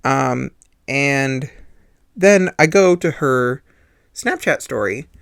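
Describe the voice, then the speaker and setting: A man's voice: mid-range voice, expressive, takes it slowly, creaky, fairly bright tone, clear, resonant tone. A man hosting a podcast, telling a personal story in an earnest, confessional way, often repeating himself for emphasis. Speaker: podcast host.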